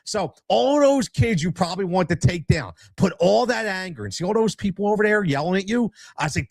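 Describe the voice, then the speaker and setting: Excitable man telling a story, dry sound. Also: sits high, brisk, few pauses, no echo. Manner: emotional, excitable, fills with "man" and "right?". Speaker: podcast host. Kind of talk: casual storytelling to listeners.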